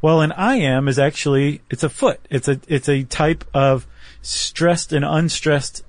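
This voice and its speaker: A man's voice: a little high, a little slow, dry recording. A man co-hosting a podcast, explaining step by step in a casual, joking way with frequent restarts. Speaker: podcast co-host. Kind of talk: casual educational chat.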